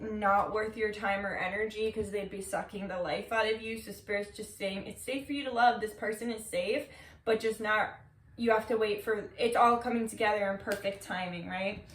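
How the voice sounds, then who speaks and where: A woman's voice: mid-range voice, a bit bright. A woman giving a casual tarot reading to camera, talking loosely with lots of filler words and casual swearing. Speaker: tarot reader. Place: room, seated on the floor. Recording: echoey room, mic at a distance.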